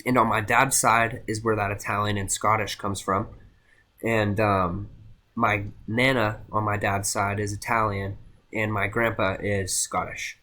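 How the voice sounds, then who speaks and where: A young man giving a casual class presentation, halting with many fillers and restarts. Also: fairly low pitch, flat delivery, bright, forceful tone. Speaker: student presenter.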